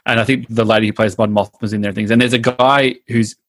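A man's voice: fairly low pitch, fairly even intonation, fast, fairly bright tone, no room sound. An Australian man co-hosting a podcast in casual, rambling chat with frequent restarts. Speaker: podcast co-host.

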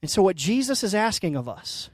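A man in his thirties preaching a sermon as a pastor, telling stories in an animated way that swings from soft to loud, and often checking in with "right?" and "okay?". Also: high-pitched, fairly quick, no echo.

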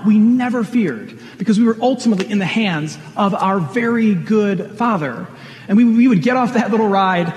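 Pastor, male, slightly high voice, earnest conversational sermon, long hall reverb. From Michigan. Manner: earnest, conversational preaching with rhetorical questions.

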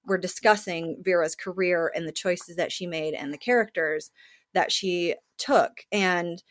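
Speaking unhurriedly, an actor from the play recounts a story as a guest in a relaxed interview, occasionally voicing other people's lines with animation. Her voice is slightly low, and the recording is dry and close without echo.

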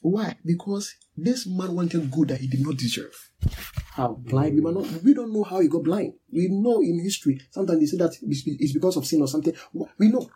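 A man's voice: fairly high pitch, animated, a little fast, warm tone, a little hiss or hum. A man preaching a sermon to a congregation, emphatic and repetitive, leading a prayer line by line. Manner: emphatic, repeats key words, leads a prayer line by line. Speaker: pastor.

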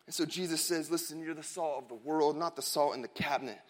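Male pastor, thirties, sermon, chatty joking storyteller, a bit higher voice. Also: quick pace. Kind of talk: sermon with a humorous personal story.

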